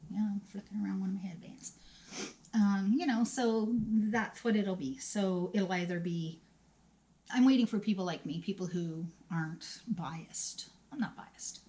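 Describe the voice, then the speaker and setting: A woman's voice: mid-range voice, moderate pace. Middle-aged lady rambling thru a get ready with me vlog, jokey, pokes fun at herself. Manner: rambling, self-mocking, animated asides. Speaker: beauty vlogger.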